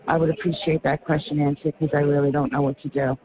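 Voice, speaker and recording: A woman's voice: deep voice, flat delivery, fast. A woman in her fifties calling in with a hesitant, discouraged question. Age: 50s. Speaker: caller. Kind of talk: recorded phone question. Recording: tinny phone line with crowd noise.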